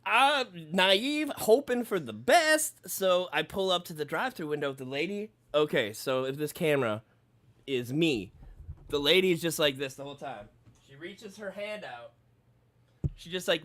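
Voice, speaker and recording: A man's voice: on the high side, dry recording. A man casually telling a story in a podcast chat, cursing freely and acting out what people said. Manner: profane, animated storyteller acting out quotes.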